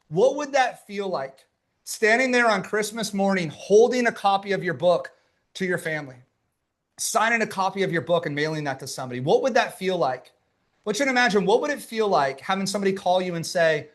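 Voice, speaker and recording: A man with a fairly high voice leads a live workshop as a business coach. He talks in an emphatic, punchy way, repeats his key lines for effect and addresses his listeners directly. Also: a little fast, fairly bright tone. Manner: emphatic, punchy and repetitive, speaking to a live chat. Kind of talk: motivational workshop talk.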